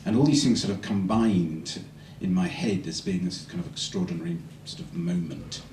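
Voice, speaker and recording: A musician recalling a quiet moment in a soft, reflective way before introducing a song. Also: male voice, sits low, normal speed, noisy background. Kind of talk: reflective stage storytelling. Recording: roomy, distant stage mic with music.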